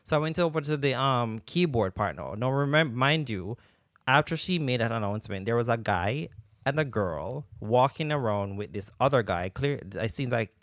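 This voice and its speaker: A man's voice: medium pitch, animated, moderate pace, fairly bright tone, dry recording. Male podcast host with a mid-range voice and a dry, close sound, telling a rambling anecdote. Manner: rambling storyteller, drifts off on tangents and comes back with "anywho". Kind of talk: casual podcast chat.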